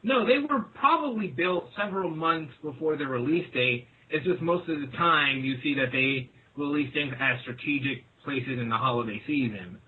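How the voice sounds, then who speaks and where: A man's voice: fairly high pitch, normal speed, hardly any pauses, husky. Man, casual podcast guest, rambling with fillers, tinny phone line.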